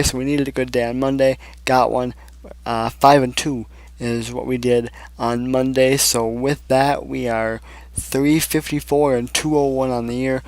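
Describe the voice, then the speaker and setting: A young man with a mid-range voice, in a dry recording, hosts a casual sports picks show alone. He rambles through scores and predictions with plenty of fillers.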